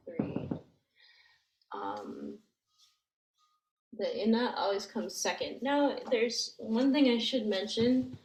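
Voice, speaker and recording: A woman's voice: on the high side, darkish tone. A woman teaching language grammar, explaining step by step in a patient way and thinking aloud with many fillers. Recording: echoey room with faint noise.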